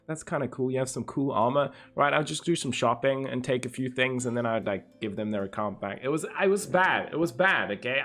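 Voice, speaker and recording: A man's voice: mid-range voice, fairly bright tone. A man in his twenties chatting casually on a live stream, laid-back and swearing freely as he tells stories. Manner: laid-back, swears a lot, spins stories with quick voice impressions. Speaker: game streamer.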